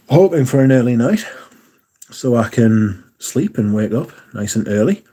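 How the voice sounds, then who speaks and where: Male streamer, sore throat, husky and mellow, loose chatty swearing. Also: medium pitch, animated, unhurried. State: lost his voice, sore throat. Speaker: livestream host. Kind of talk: casual chat to viewers.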